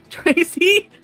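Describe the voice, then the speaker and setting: A woman on an archived live stream, answering her chat with giggles and evasive replies. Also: a bit bright. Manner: giggly, evasive, keeps things private. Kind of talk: casual live stream chat, played in a reaction.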